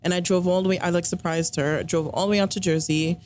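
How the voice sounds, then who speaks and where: A woman with a fairly low voice telling a personal story on a podcast in easy, rambling chat. She fills her talk with likes and ums and acts out both sides of the conversations she recalls. A faint hum sits under the recording. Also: fairly even intonation, quick pace, a little mellow. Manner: chatty, many fillers, acts out quoted dialogue.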